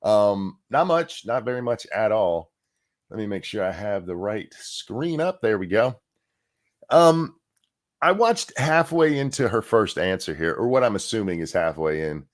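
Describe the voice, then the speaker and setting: A man's voice: on the low side, animated, measured pace. A man hosting a casual livestream, rambling and sarcastic, swearing freely and restarting his sentences often. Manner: rambling and profane, with frequent restarts. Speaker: livestream host.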